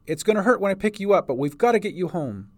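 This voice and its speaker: A man voicing a kind young woman cleric who speaks softly and comfortingly in a storybook reading. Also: high-pitched, expressive, quick pace, dry recording, voice pushed up. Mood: urgent. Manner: soft, comforting.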